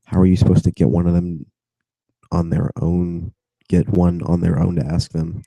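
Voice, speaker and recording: A man's voice: deep voice, flat delivery, moderate pace, vocal fry, warm tone, no echo, rough recording. A young man with a cold casually reads a book aloud over video chat, drifting into giggly tangents and mumbled asides. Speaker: reader.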